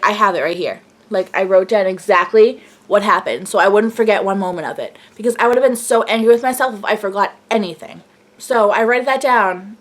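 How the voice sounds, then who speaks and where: A young woman vlogger telling an excited story in a gushing, breathless way, full of fillers. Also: fairly high pitch.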